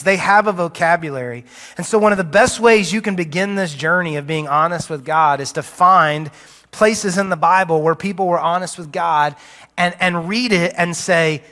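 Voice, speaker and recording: A man's voice: on the high side, bright, forceful tone. A man preaching a sermon as pastor, earnest and confessional, often restarting his sentences. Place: church sanctuary. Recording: long hall reverb.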